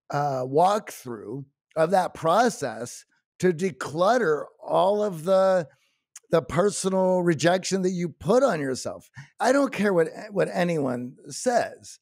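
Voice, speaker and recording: Male podcast co-host, higher-pitched, earnest and reflective, dry close-miked sound. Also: a little mellow, no echo. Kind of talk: casual podcast chat.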